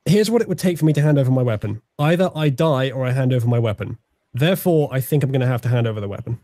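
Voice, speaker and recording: A man's voice: medium pitch, animated, racing, warm tone, no echo, clean studio sound. A man playing a tabletop game, joking and swearing about his bad luck. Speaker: player. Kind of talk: casual tabletop game chat.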